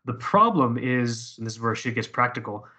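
Man, bright forceful voice, casual storytelling, swears a lot, rambling. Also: medium pitch, expressive, a little fast. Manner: profane, rambling, many restarts.

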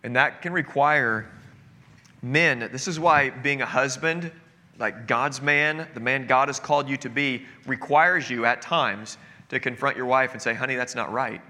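A man's voice: medium pitch, measured pace, bright, forceful tone. A man preaching a sermon as pastor in an earnest, conversational way with casual asides. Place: church sanctuary. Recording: long hall reverb.

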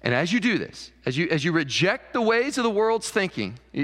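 A man's voice: on the high side, very animated, normal speed, fairly bright tone. A man preaching a sermon as pastor, emphatic, repeating key phrases. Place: church sanctuary. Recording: church hall reverb.

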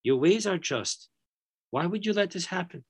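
A man's voice: high voice, animated, moderate pace, breathy edge, heavily acted. A man voicing Moses as he questions God, troubled and searching.

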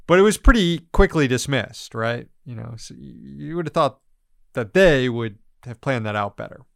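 A man's voice: mid-range voice, lively intonation, moderate pace, creaky, dry recording, studio quality. A man hosting a podcast, giving blunt, sarcastic commentary on the news with frequent laughs and swearing. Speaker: podcast host.

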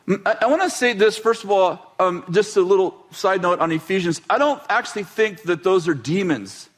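A man's voice: sits high, animated, normal speed, hardly any pauses. A man preaching a sermon in a loose, conversational way, acting out quoted voices as he goes. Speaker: pastor.

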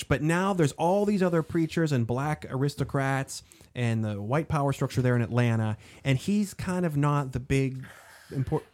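A man hosting a casual history podcast, talking in an animated, rambling way with lots of fillers. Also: a little high, no echo. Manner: animated, digressive, frequent fillers. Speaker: podcast host.

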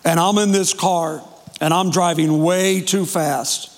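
A man preaching as pastor, telling a personal story emotionally with dramatic pauses. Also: fairly high pitch, steady tone. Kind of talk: testimony sermon. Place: church sanctuary. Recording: long hall reverb.

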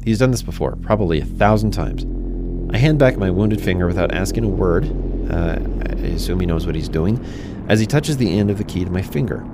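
A man's voice: low-pitched, expressive, fairly quick, heavy background noise. A man narrating a first-person fantasy story in a conversational way, speaking to the listener directly.

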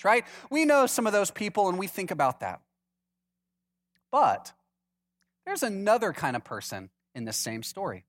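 A man's voice: high voice, brisk. A male pastor preaching a sermon with humor, acting out the people in the story in different voices. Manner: lively, acts out quoted voices for humor.

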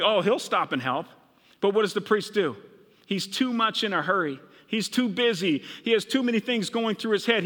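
Middle-aged pastor from minnesota, storytelling sermon, bright tone, big echoey church. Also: male voice, high-pitched. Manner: storytelling preacher, voices characters' thoughts.

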